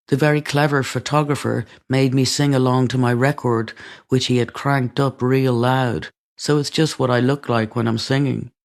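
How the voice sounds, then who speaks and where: A man reads a first-person memoir aloud at a middle pitch. He keeps the reading steady and even, and he delivers the wry asides dryly. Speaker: audiobook reader.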